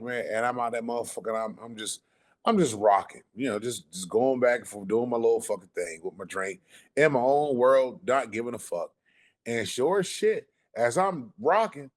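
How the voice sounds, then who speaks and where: A man of middling pitch hosting a podcast, spinning a story in a loose, unhurried way. He drawls through some phrases and swears freely. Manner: laid-back, profane storytelling that drawls at times. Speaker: podcast host. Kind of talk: casual chat.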